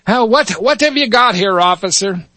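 An excited, fussy little rabbi exclaims his way through a told joke, as a man puts him on. The voice sits high, and the sound is close and dry. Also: moderate pace, dry recording. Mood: eager. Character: fussy little old rabbi, eager helper.

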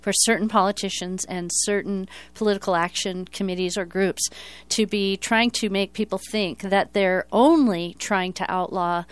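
A woman's voice: mid-range voice, steady tone, moderate pace, clear, resonant tone, dry recording. Earnest woman hosting a talk show. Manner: earnest, talkative, frequent self-corrections. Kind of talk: casual interview chat.

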